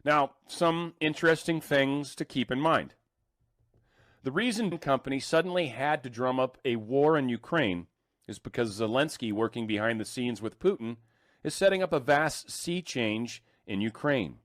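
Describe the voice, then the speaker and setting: A man's voice: medium pitch, normal speed, a bit bright, no echo, studio quality. Man reading news with joking asides. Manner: joking asides, sarcastic remarks. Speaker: commentary host reading news. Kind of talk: casual commentary reading articles aloud.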